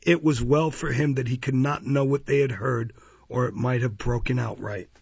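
A male narrator reading a classic novel aloud in a measured, even way. His voice is gravelly and husky, recorded dry and close, with a dull, lo-fi sound. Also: medium pitch, no room sound. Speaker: audiobook narrator. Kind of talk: scripted narration.

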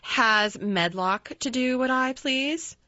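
A woman voicing an imperious, spoiled young boy who gives slow, demanding orders. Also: sits high, bright, forceful tone, no echo, voice pushed up, heavily acted. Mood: commanding. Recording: slightly dull dry recording.

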